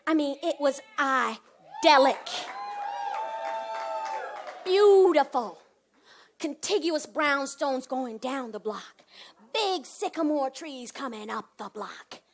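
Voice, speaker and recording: A woman performing a comic one-woman stage monologue, animated, swinging from hushed asides to loud bursts. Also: high voice, takes it slowly, long pauses, some chatter behind, a little hiss or hum.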